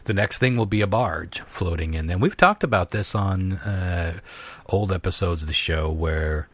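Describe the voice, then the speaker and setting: A man's voice: sits low, moderate pace, a bit bright, no echo. A man hosting a casual podcast chat, laughing often and swearing freely as he riffs. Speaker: podcast host.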